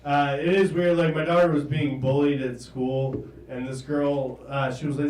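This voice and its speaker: A man in his thirties from the American South doing a stand-up set, halting and trailing off, often chuckling at his own jokes. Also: a little high, flat delivery, darkish tone. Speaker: stand-up comedian. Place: comedy stage in a small room. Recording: roomy, distant live room recording.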